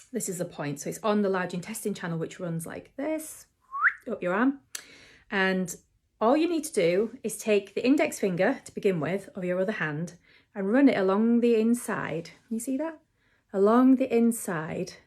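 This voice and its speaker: A woman who teaches mindfulness and acupressure in a gentle, chatty way, with frequent ums. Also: mid-range voice. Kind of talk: relaxed instructional talk to camera.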